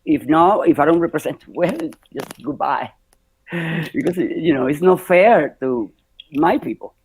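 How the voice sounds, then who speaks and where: Soft-spoken man. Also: on the high side, slightly rough, no room sound, poor audio. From Cuba. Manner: halting, many fillers, soft-spoken. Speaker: drag performer guest. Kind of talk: casual interview chat.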